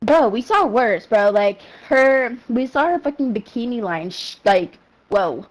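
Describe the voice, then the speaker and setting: A young woman streamer telling a story in casual, slangy, profane talk full of fillers, animated and quick to laugh. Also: fairly high pitch, low-quality recording. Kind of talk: casual storytelling while gaming.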